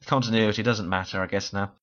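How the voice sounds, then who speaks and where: A man with a lowish voice that swings widely up and down, chatting his way through a casual, unscripted review. He sounds tired, rambles, trips over his words and laughs at himself often. The recording is slightly dull and lo-fi. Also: a bit bright. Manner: chatty, rambling, frequent laughs and self-corrections. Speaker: TV series reviewer.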